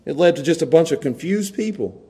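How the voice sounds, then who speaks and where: A man's voice: on the high side, animated, a little fast, warm tone. A man preaching a conversational sermon to his church, repeating words and restarting phrases for emphasis. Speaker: pastor.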